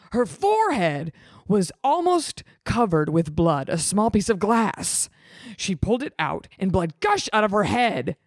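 A woman with a slightly low voice reads a child's story aloud, her pitch swinging widely as she goes. She keeps stopping to make dry, sarcastic jokes about the writing. The sound is close and dry, with no room around it. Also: no echo. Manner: sarcastic, deadpan asides between read lines. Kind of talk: comedic reading with sarcastic asides.

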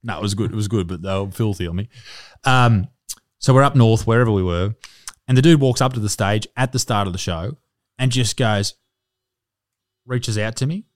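A man's voice: fairly low pitch, moderate pace, long pauses. A man with an Australian accent, a comedian hosting a casual chat and telling swearing-laced stories. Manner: swearing storyteller, acts out quotes. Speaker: comedian podcast host.

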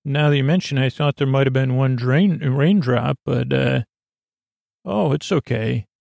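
A man voicing a calm, easygoing old male night watchman who soothes a friend. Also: medium pitch, unhurried, creaky, no room sound. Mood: soothing.

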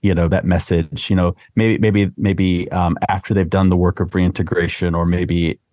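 A man with a very deep voice hosts a podcast, feeling his way through a long question full of restarts and fillers. His voice is close and dry, with no room echo. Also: level tone, darkish tone. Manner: halting, with many restarts and fillers. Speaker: podcast host. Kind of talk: interview question.

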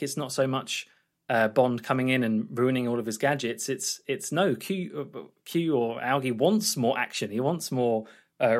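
A man co-hosting a film podcast, recapping scenes in a loose, rambling chat. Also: mid-range voice. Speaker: podcast co-host. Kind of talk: casual film review chat.

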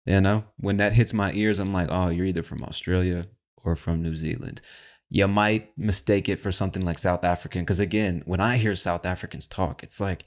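A man's voice: low voice, steady tone, moderate pace. A man hosting an English-learning show, chatting casually and talking directly to the listener as "my friend.". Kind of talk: casual podcast talk.

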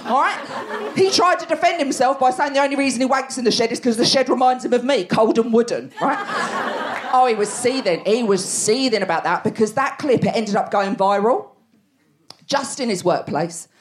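A comedian in her forties, brash and animated, swearing freely as she tells her stories on a stage mic. Her voice sits high for a woman. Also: normal speed, background noise. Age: 40s. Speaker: stand-up comedian. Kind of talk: stand-up comedy routine. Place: live theatre stage.

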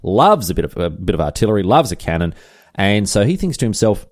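A man's voice: fairly low pitch, very animated, fast, a little mellow, no echo, clean studio sound. A man hosting a comedic history podcast, telling the story with chatty, irreverent asides and casual swearing. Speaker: podcast host.

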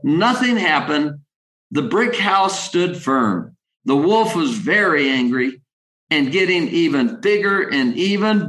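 A man reading a children's story slowly and deliberately, then giving a motivational leadership talk. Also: high voice, fairly bright tone, reverberant, low-quality recording. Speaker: leadership speaker.

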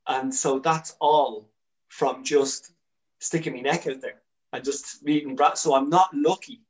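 An Irish man, a comedian guest on a podcast, telling candid stories with animated energy and frequent swearing. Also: medium pitch, measured pace, poor audio. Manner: animated storyteller, swears freely, restarts often.

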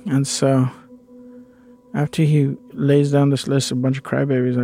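A man's voice: mid-range voice, flat delivery, normal speed, gravelly, mellow, soft background music. A man candidly telling a personal story in a conversational way, with the odd curse word. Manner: candid, conversational, with occasional swearing.

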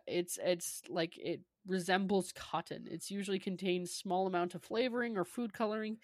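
A woman's voice: mid-range voice, no room sound. Giggly chatty woman, dry close sound. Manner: giggly, chatty, full of "like" fillers. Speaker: podcast co-host. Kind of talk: casual chat.

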